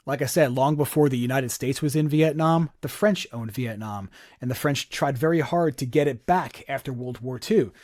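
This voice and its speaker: A man's voice: mid-range voice, normal speed, a little mellow, no room sound, studio quality. A male teacher walking students through exam questions, explaining each step and often checking in with "right?". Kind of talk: exam review walkthrough.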